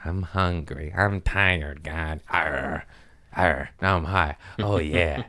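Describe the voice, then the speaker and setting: A man's voice: rumbling low, takes it slowly, bright, forceful tone. A young man hosting a casual solo podcast, rambling and profane, often laughing at his own jokes. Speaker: podcast host.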